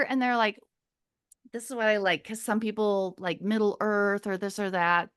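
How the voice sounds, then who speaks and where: Chatty, fairly high-voiced woman from Minnesota. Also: steady tone, moderate pace, fairly bright tone, clean tone. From Minnesota, USA. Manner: chatty, goes off on tangents, swears freely, laughs often. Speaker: podcast guest. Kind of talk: casual storytelling interview.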